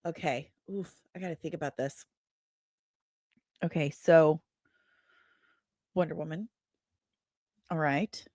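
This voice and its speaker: The host, a woman with a low-pitched, darkish voice and fairly even intonation, goes through viewer comments on her live show. She answers them conversationally with quick asides and frequent self-directed laughter, in a dry, studio-quality recording.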